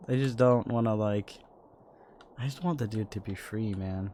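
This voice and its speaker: A man's voice: on the low side, normal speed, mellow, slight background noise. A man streaming a game live, talking casually and hesitantly, trailing off mid-sentence, a little sick. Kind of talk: casual live gameplay commentary. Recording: game music playing underneath.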